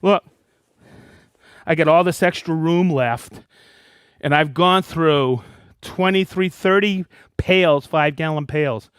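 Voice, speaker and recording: A man hosting a live stream in a casual, excited way, calling out viewers by name and hometown. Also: fairly high pitch, slow pace, long pauses, clear, resonant tone, no echo, studio quality. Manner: excited, animated, reading viewer shout-outs. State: worked up and dusty after a demo. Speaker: host of a live product show.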